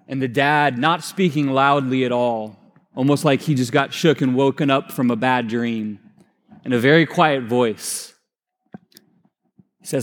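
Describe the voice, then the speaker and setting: A male pastor delivering a sermon in a conversational storytelling way, with casual fillers and restarts, and dropping to a hushed voice for emphasis. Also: medium pitch, unhurried, pauses often, big-room sound. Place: church sanctuary.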